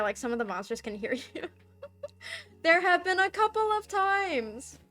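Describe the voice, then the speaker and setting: Chatty young woman streamer, giggly. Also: high voice. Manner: chatty and giggly, baby talk to her cat. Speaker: art streamer. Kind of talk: casual chat while drawing. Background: soft background music.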